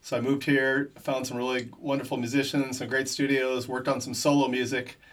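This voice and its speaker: A man from Arizona, a keyboardist and singer being interviewed, explaining his move in an earnest, steady way. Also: medium pitch, a little fast. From Tucson, Arizona, US. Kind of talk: casual interview chat. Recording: distant mic.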